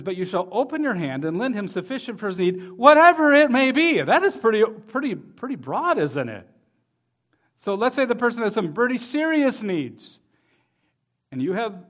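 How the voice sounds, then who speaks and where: A man preaching a sermon as pastor, reading scripture aloud and speaking to the children in the congregation with rising emphasis. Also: high voice.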